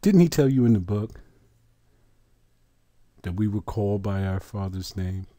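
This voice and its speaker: Male preacher, slow deliberate bible teaching, dark mellow tone, leans on key words. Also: lowish voice, expressive, dry recording, clean studio sound. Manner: deliberate, emphatic, drawn-out words. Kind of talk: sermon-style Bible teaching.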